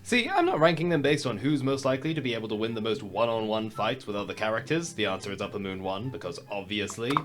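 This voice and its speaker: A young New Zealand man rattles through a comedic ranking video in a bouncy, animated voice that swings up and down. His delivery is sarcastic and jokey, with casual swearing, over faint music in the background. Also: mid-range voice. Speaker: YouTube host. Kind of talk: comedic tier-list commentary.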